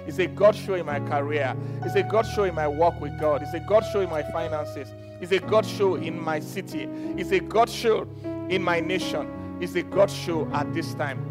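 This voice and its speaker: A man preaching a sermon as pastor, repeating phrases, leading the congregation in declarations and swinging from soft teaching to loud exhortation. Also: on the high side. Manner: repeats phrases and leads call-and-response declarations.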